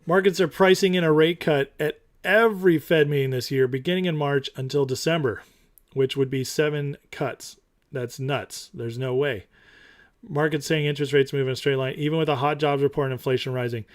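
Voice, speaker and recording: A man hosting a casual stock market talk show, animated and opinionated, who repeats his points for emphasis. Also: fairly quick. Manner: mocks others in high put-on voices.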